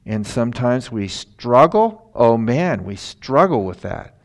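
A man's voice: mid-range voice, expressive, slow pace, few pauses. A man preaching a sermon in a conversational, folksy way that rises into emphatic passages.

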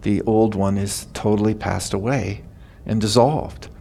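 A man's voice: lowish voice, fairly even intonation, unhurried, gravelly, dark tone, breathy edge. An older man preaching a sermon, telling stories in a folksy, chatty way. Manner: folksy storytelling, laughing at his own stories. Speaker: pastor.

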